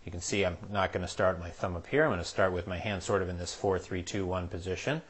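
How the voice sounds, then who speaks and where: Low-voiced man teaching piano, patient. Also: steady tone, fast talker, slightly rough. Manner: patient, methodical, counts beats aloud. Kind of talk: step-by-step music lesson. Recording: piano playing behind the voice. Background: piano playing.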